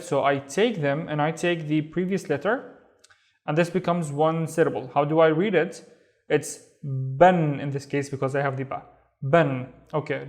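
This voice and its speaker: Man, Saudi accent, fairly high voice, patient language teacher, slow repeats. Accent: Saudi Arabic. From Saudi Arabia. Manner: patient, repeats words slowly for practice. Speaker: Arabic teacher. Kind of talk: step-by-step language lesson.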